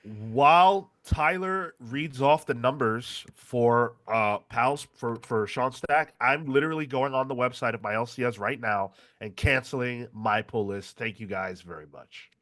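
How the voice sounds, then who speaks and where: A man's voice: mid-range voice, a little slow, few pauses, a bit bright. A man co-hosting a casual live comics stream, exasperated and swearing as he laughs at himself. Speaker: podcast co-host.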